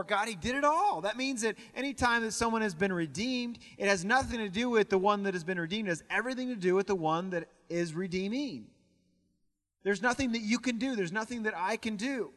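High, bright-voiced young preacher in a church hall. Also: male voice. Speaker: pastor. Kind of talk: sermon. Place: church sanctuary.

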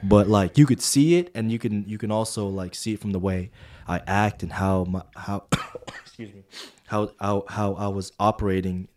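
A man's voice: lowish voice, steady tone, moderate pace, darkish tone. A young man, a podcast co-host, telling a story in casual chat and animatedly quoting others.

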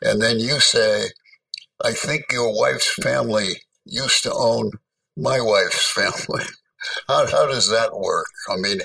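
An older man hosting a podcast, asking slow, halting interview questions. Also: lowish voice, creaky, sharp tone, a little hiss or hum. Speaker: podcast host. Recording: voice from a distance.

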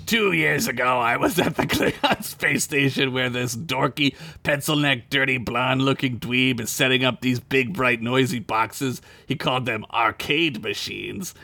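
A man's voice: medium pitch, a little slow, vocal fry, few pauses, sharp tone, dry recording, full character voice. A man voicing a male Gorn lizard alien prisoner as he reads a listener email aloud in character. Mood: mock menacing. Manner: read aloud with a mock-menacing put-on voice.

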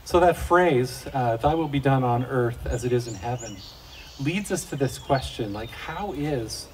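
A man's voice: medium pitch, darkish tone. A middle-aged man giving a casual devotional talk to fathers, telling folksy, joking stories about family life. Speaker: Christian speaker for fathers. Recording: distant mic, faint outdoor noise.

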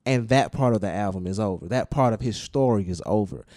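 Man explaining at length, mellow voice. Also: lowish voice, a little fast, no room sound, clean studio sound. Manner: explains at length, with restarts and emphatic repetition. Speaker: podcast host discussing music. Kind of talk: casual podcast chat.

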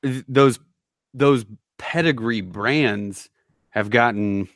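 A man in casual podcast conversation, rambling and animated, laughing at himself. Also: medium pitch, slow, no echo, studio quality.

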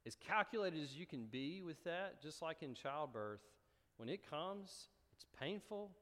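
A man preaching a sermon, animated and storytelling with rising emphasis. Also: a little high, unhurried. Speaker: pastor. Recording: long hall reverb.

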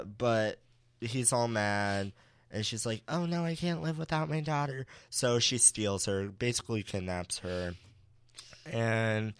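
A man's voice: on the low side, a bit bright, clear, resonant tone, dry recording, studio quality. A young man co-hosting a podcast, recapping a show in casual chat with sassy asides and frequent laughs. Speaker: podcast co-host.

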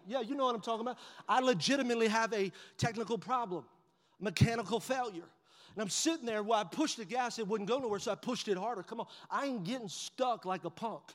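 A man preaching in a church sanctuary, his fairly high voice carrying a long reverb from the big hall. He tells a funny story with animated energy and drops to a hush whenever he voices his own thoughts. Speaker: pastor. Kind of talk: sermon with humorous storytelling.

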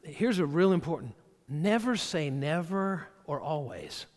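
A man delivers a sermon as a pastor, speaking plainly and conversationally and doubling up words as he begins his thoughts. His voice sits a little on the high side for a man. The sound carries the long reverb of a large church hall. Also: lively intonation, measured pace. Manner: conversational, repeats words at the start of phrases.

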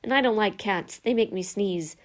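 A woman's voice: medium pitch, moderate pace, natural voice. Woman doing a hearty, folksy giant of a man. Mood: kindly. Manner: folksy, drops his g's, hearty. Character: gruff giant male groundskeeper, big-hearted and blunt.

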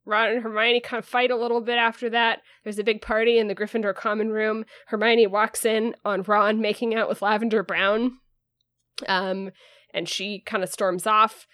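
A woman's voice: mid-range voice, flat delivery, moderate pace, a bit bright, no echo. A woman podcast host giving a casual, rambling recap of a book chapter, full of "um" and "like". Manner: rambling, filler-heavy, lots of "like" and "um".

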